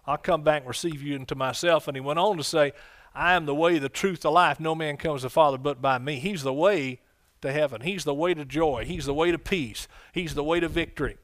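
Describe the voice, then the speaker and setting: A man preaching from the pulpit with exuberant energy. His voice sits somewhat high, and he breaks into sudden shouted exclamations. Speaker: pastor. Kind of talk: sermon.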